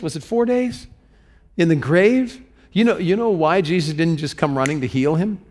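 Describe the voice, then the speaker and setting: A man preaching an animated sermon as pastor, asking the congregation questions and repeating himself as he builds his points. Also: fairly high pitch. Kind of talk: interactive sermon. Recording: long hall reverb.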